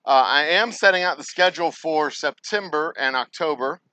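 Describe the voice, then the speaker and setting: A man's voice: a little high, moderate pace, smooth, no room sound, low-quality recording. A man, a distillery owner, ranting and swearing in a casual vlog at his distillery. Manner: profane, ranting, animated.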